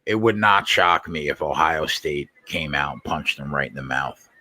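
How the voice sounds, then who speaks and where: A man's voice: rumbling low, normal speed, pushed and bright, dry recording. A man hosting a casual sports betting chat, blunt and swearing casually. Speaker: show host.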